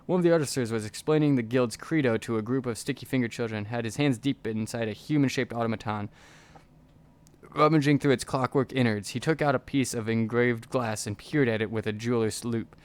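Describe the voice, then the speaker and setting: A man with a smooth, clear voice reads a text adventure aloud as a let's player. His pitch sits in an ordinary middle range. He moves quickly and often trips over words, then restarts. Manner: reads quickly with frequent stumbles. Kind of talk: reading a text game aloud.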